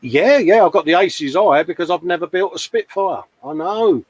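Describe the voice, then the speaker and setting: A man's voice: high voice, animated, moderate pace, slightly rough, no echo, low-quality recording. Chatty man hosting. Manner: chatty, matey, full of tag questions. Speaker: host. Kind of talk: casual live-stream chat.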